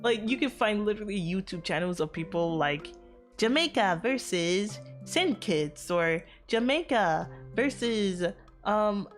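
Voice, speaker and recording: A woman from the Virgin Islands with a Caribbean accent, chatting casually on stream, rambling, swearing and laughing often. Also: medium pitch. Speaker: VTuber streamer.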